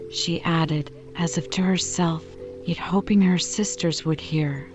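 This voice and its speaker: A woman narrating a classic novel as an audiobook in a measured, gentle storytelling manner. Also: lowish voice, fairly even intonation, faint music behind. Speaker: audiobook reader. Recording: slightly dull lo-fi recording.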